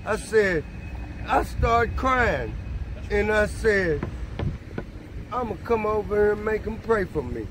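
Passerby, man, high voice, emotional slangy talk, wind and street noise. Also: lively intonation, slow, pauses often. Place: outdoors on a street.

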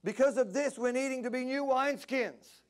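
High-pitched preaching man. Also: brisk. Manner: impassioned preaching, rising to near-shouts. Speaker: pastor. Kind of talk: sermon. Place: church service.

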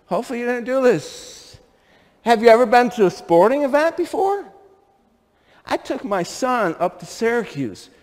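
A middle-aged pastor from upstate New York delivers a sermon with a high voice that leaps all over its range. He spins stories and keeps asking the congregation questions. His voice rings with a long church hall reverb. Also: moderate pace. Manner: animated storytelling with rhetorical questions to the congregation. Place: church sanctuary.

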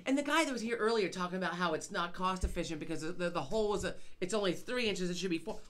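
A woman's voice: lowish voice, expressive, quick pace, a bit bright. A middle-aged woman co-hosting a podcast, telling a story in casual chat, exasperated and swearing often. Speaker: podcast co-host.

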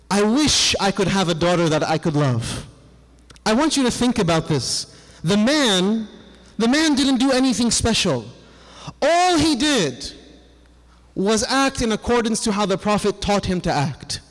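Male preacher, high voice, earnest storytelling sermon, long hall reverb. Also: lively intonation, moderate pace. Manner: earnest, quotes the figures of his story in his own voice.

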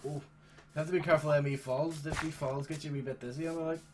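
A man hosting a gaming channel, chatting casually and swearing excitedly as he plays a game. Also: a little high, fast talker, slight background noise. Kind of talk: casual gameplay commentary.

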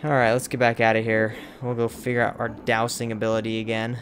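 A man's voice: mid-range voice, monotone, a little fast, fairly bright tone, a little hiss or hum. A man giving casual gameplay commentary as a let's play host, grumbling and exasperated, with mild minced oaths.

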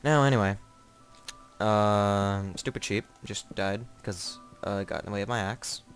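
Young male gamer, slightly low voice, rambling joking commentary, startles easily. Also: measured pace, soft background music. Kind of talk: casual let's play commentary.

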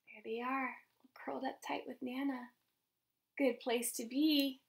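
Reading a picture book aloud to little ones, this woman from a children's ministry stays gentle yet lively and pauses to talk about the illustrations. She has a high-pitched voice with vocal fry, picked up by a distant mic.

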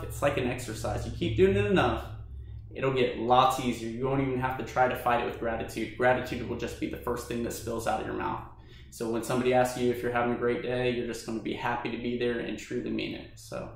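A man's voice: mid-range voice, steady tone, brisk, creaky, slight background noise. A man giving earnest, encouraging advice straight to his viewers in a casual vlog. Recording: very echoey room.

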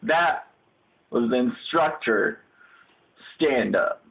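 A man's voice: medium pitch, animated, drawn-out words, gravelly, husky. A young man signing off a homemade comedy sketch, talking in a casual, brash way. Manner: loud, brash trash talk, much shouting and repetition. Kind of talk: one-man comedy sketch, playing several characters. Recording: tinny phone-quality recording.

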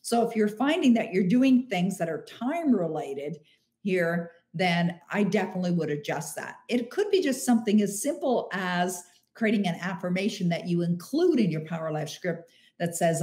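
A middle-aged woman hosting a motivational live stream, answering listener questions warmly and slowing down to stress key phrases. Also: fairly low pitch, lively intonation. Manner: warm, emphatic, slows down on key phrases.

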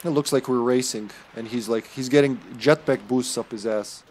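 A man's voice: mid-range voice, moderate pace, a little mellow. A man from the American Midwest streaming a game live, joking crudely and laughing often as he plays. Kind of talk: casual gaming stream chat.

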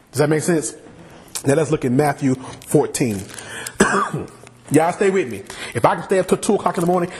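A male pastor preaching a sermon, animated, often asking the congregation questions. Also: on the high side. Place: church sanctuary.

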